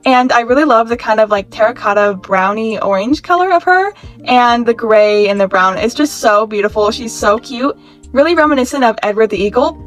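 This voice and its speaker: A woman in her twenties chatting excitedly in a casual haul vlog, gushing and saying "like" often. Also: fairly high pitch. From California. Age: 20s. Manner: bubbly, gushing, chatty with many "like"s. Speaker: YouTuber reviewing toys.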